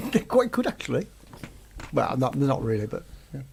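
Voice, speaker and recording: A man's voice: medium pitch, very animated, normal speed, gravelly, a little mellow, a little hiss or hum. A man co-hosting a casual football podcast, dropping dry, teasing interjections. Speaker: podcast co-host.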